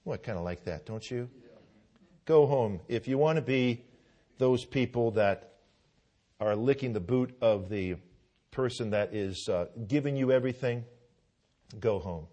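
A man's voice: mid-range voice, moderate pace, mellow. A man preaching a sermon in a church, fervent and conversational, often asking the congregation "Amen?" and restarting his words as he tells a story. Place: church with pews.

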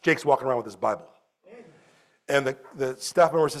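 Brisk and mid-range in voice, a pastor leads a sermon at a church service with plenty of animation. His delivery shifts between exclaiming loudly and telling stories quietly.

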